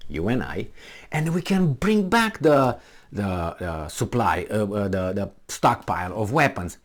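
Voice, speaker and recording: A middle-aged man giving a combative, sarcastic commentary full of rhetorical questions. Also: medium pitch. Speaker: political commentator. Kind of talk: ranting commentary.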